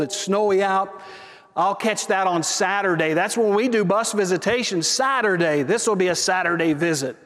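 A man preaching a story-driven sermon, talking conversationally and turning to the congregation with quick asides. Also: high voice. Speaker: pastor. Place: church sanctuary. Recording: long hall reverb.

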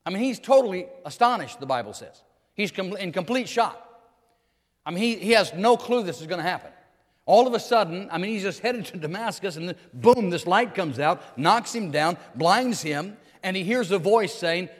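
A man's voice: high voice, lively intonation, moderate pace. A male pastor preaching a sermon, building to emphatic, rising declarations. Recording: long hall reverb.

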